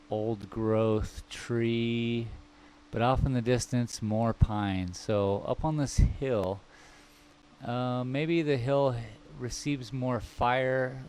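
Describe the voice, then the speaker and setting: Slow, musing man painting on stream. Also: mid-range voice, darkish tone, a little hiss or hum. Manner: musing aloud, wandering and self-mocking. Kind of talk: rambling live-stream chat while painting. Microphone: microphone.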